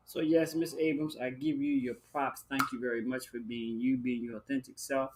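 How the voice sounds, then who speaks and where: A man hosting a live-stream talk show, chatting in a sassy, flamboyant way, calling listeners honey and child and breaking into high whoops. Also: flat delivery, moderate pace, a little hiss or hum. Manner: bursts into high whooping exclamations. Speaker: livestream show host. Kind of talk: casual live-stream chat.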